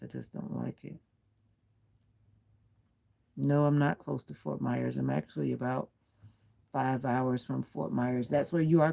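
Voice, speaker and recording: This livestreaming man lounges at home against a pillow with a comforter, answering comments one by one and firmly but kindly keeping the chat clean. His mid-range voice is warm and husky with vocal fry.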